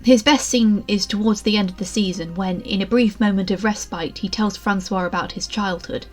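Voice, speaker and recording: A woman's voice: medium pitch, fairly even intonation, normal speed, darkish tone, soft background music. A woman with a posh East Midlands English accent, giving a chatty, wry spoken review with asides. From England. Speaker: video reviewer.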